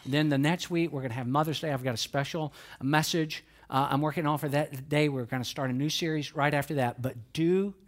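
A male pastor preaching at a church service, speaking with emphasis. His voice swells to loud, driving climaxes as he presses his points. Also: fairly high pitch, steady tone, a little fast, hardly any pauses. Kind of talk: sermon.

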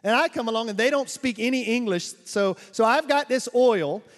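In a church hall, a man with a strikingly high voice delivers a storytelling sermon of missionary tales at a moderate pace, his words fading into long reverb. He is animated, laughs often, and mimics sounds.

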